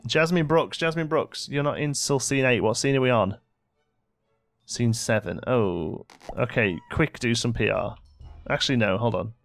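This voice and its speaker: A man's voice: medium pitch, moderate pace, vocal fry, no room sound, faint music behind. A young man giving casual gameplay commentary, bossing his in-game characters around with mock exasperation. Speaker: let's play host.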